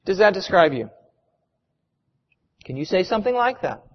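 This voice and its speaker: Man, pastor, sermon, high voice, slow dramatic delivery, long hall reverb, muffled. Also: big pitch swings. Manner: dramatic storytelling, emphatic pauses.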